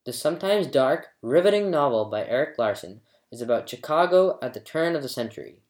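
Expressive storyteller with lively pitch. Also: a little fast, echoey room. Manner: expressive, dramatic reading. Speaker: book reviewer and storyteller. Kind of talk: scripted narration of a review and a folktale.

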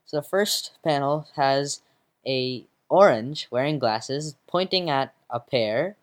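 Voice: mid-range voice, expressive, slow. A presenter casually narrating a comic strip panel by panel, with fillers. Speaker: magazine presenter.

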